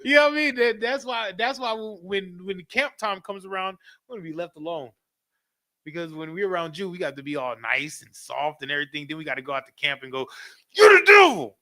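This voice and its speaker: Bright-voiced man preaching to a class. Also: on the high side, brisk. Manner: animated, repetitive, frequent asides to the audience; laughs often while talking. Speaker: class teacher.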